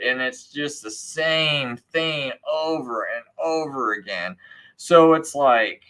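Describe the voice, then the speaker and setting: A man rants through a casual live stream monologue. His tone is sarcastic and scornful, and he keeps slipping into mocking voices. His pitch sits mid-range for a man. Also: slow pace, fairly bright tone. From United States. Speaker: livestream host.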